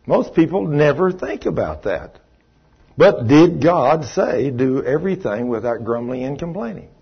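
A man's voice: fairly high pitch, big pitch swings, unhurried, vocal fry, slightly rough, highs cut off. A man preaching a sermon to a live congregation, telling folksy stories and asking the audience questions.

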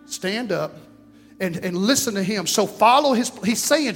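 A man's voice: very high voice, animated, fairly quick, fairly bright tone. A pastor preaching a sermon, fervent and folksy, repeating his phrases. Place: church sanctuary. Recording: reverberant hall with music behind.

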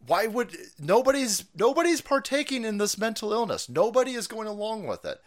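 Foul-mouthed ranting male streamer, swooping pitch. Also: sing-song, fairly quick. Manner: foul-mouthed, loud, laughing, jumps between mumbling and yelling.

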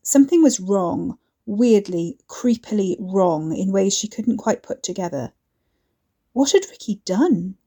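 A woman narrating an audiobook in a steady, measured reading. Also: medium pitch.

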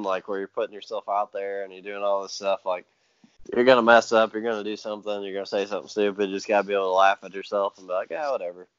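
A man hosting a casual chat, laid-back and quick to laugh. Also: lowish voice, clean tone, dry recording, lo-fi sound. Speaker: podcast host and jiu-jitsu video maker.

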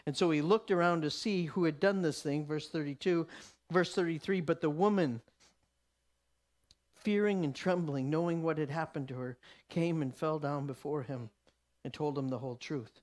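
A man's voice: fairly high pitch, moderate pace, a little mellow. Brief: male Bible teacher, emphatic sermon delivery, frequent restarts.

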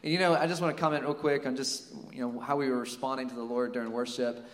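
Brief: young male pastor, casual church talk, mid-pitched, long hall reverb. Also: steady tone, quick pace. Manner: casual, warm-hearted, many fillers like "you know" and "like". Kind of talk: church announcements and exhortation. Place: church sanctuary.

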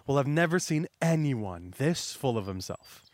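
A man's voice: mid-range voice, very animated, moderate pace, voice pushed down, natural voice. A man reading a cold, sneering male pirate warlord in a dismissive tone. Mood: scornful.

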